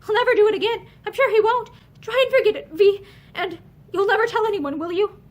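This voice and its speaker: A woman's voice: very high voice, fairly quick, pitched above the performer's own voice. A woman voicing a frightened, timid young wife who pleads in strained bursts in a storybook reading. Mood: pleading.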